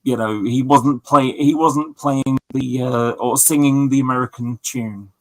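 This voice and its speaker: A man's voice: mid-range voice, steady tone, a little slow, dry recording, low-quality recording. A man chatting casually on a livestream with friends, telling long stories full of fillers and asides. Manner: rambling, storytelling with many fillers. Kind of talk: casual chat.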